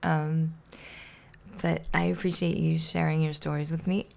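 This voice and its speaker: A woman's voice: low voice, little pitch movement, measured pace, vocal fry, darkish tone. A woman hosting a casual podcast, chatting and reading a children's storybook aloud, laughing often. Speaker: podcast host.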